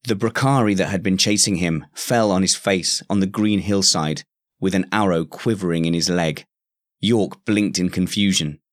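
A man narrating a story in a steady, scripted reading. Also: deep voice, normal speed, no room sound, studio quality.

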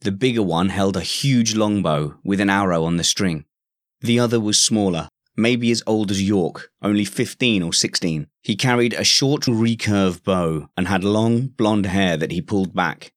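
A man narrating a story in a steady, scripted reading. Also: lowish voice, moderate pace, no echo, clean studio sound.

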